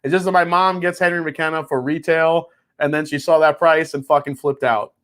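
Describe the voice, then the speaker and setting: A man's voice: a little high, fairly even intonation, brisk, fairly bright tone. A man hosting a live whiskey tasting stream, chatting casually and swearing now and then. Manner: laid-back, swears casually, laughs easily. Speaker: whiskey reviewer, livestream host.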